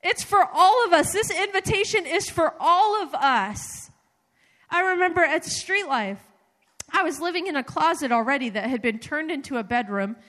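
A woman preaches in a loose, conversational manner, weaving personal stories through her sermon with plenty of filler words. Her voice sits a little high and swings between quiet confession and lifted exhortation. The sound carries a long reverb, as in a large hall. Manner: animated, conversational, many fillers.

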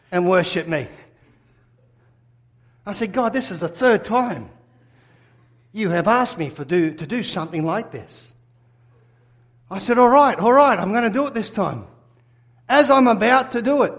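High-voiced man preaching with a story. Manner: animated storytelling, acting out his own replies. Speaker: pastor. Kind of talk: sermon with personal story.

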